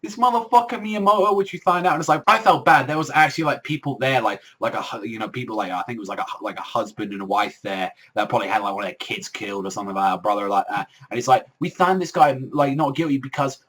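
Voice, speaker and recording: A man's voice: medium pitch, fast talker, few pauses, fairly bright tone. A young man casually reviewing a manga chapter, rambling with heavy swearing and constant filler words.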